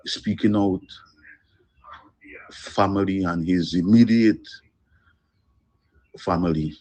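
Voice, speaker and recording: A man leaving a phone voice note of condolence, slow, heavy and earnest, with pauses. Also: low-pitched, darkish tone. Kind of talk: emotional condolence message.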